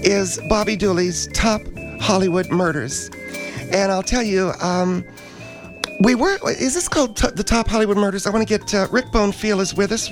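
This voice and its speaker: A man hosting a radio show, rambling and hesitant with many fillers. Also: high-pitched.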